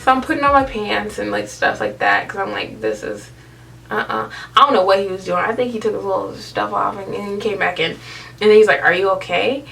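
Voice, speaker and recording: A woman's voice: medium pitch, animated, brisk, vocal fry, a bit bright, distant mic. A young woman telling a candid storytime on her vlog, chatty and dramatic, full of slang and laughing often. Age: young adult. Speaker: vlogger.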